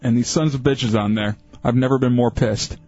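A man co-hosting a radio show, telling a story in an animated, ranting way with many fillers. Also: mid-range voice, normal speed, no room sound, faint music behind. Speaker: radio co-host. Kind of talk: casual radio banter. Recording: dull lo-fi radio broadcast.

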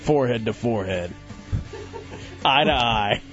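A radio host playing an awkward young male ex-football player with a low bro drawl, in an improvised sketch. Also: expressive, a little slow, fairly bright tone. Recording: lo-fi radio studio with faint music.

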